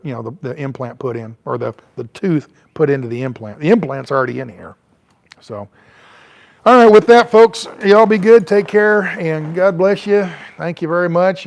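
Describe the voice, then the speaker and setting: A middle-aged man, chatting loosely on his porch with lots of fillers and restarts. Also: mid-range voice. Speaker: travel vlogger. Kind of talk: rambling casual chat. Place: on a porch, outdoors.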